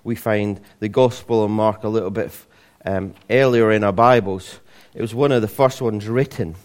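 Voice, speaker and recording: A man preaching a sermon in a relaxed, conversational way, with jokes and frequent restarts. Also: on the low side, normal speed. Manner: conversational, humorous storytelling with many restarts.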